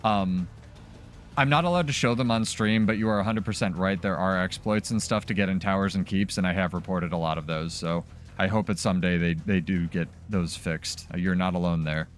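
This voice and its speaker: Low-voiced man streaming gameplay. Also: fairly quick, soft background music. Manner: loose and chatty, many "like" fillers. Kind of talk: casual live gameplay commentary.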